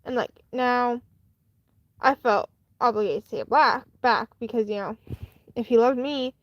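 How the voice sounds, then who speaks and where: A woman chats on a live stream in a slightly higher voice, rambling through a personal story with plenty of fillers and restarts. The sound is close and dry, with no room echo. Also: measured pace, muffled recording. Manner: chatty and candid.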